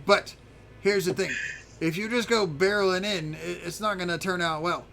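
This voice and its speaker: A man's voice: sits high, normal speed, vocal fry, a bit bright, slight background noise, voice pushed up. A man voicing a small, boastful male creature who claims to be a mighty dragon of fire. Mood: earnest warning. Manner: grandiose, threatening.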